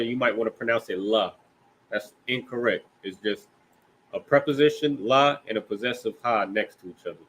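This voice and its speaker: A man with an American accent teaching a scripture language class in a loose, conversational way, often checking in with "right?" and slowing down to sound out words. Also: medium pitch, fairly bright tone, rough recording. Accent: American English. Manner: loose, conversational, with frequent "right?" and "you know what I mean?"; slows down to pronounce words carefully.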